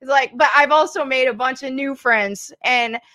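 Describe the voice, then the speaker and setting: A woman's voice: high voice, moderate pace, bright, forceful tone, no echo. A woman in her thirties, a content creator speaking candidly as a guest on a casual interview podcast and laughing often.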